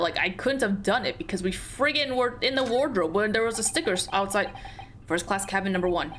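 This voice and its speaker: A young woman gives loose, rambling commentary over a game, swearing freely and laughing between lines. Her voice sits at an average pitch, with faint noise behind her. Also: expressive, fairly quick, a bit bright. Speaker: let's play streamer.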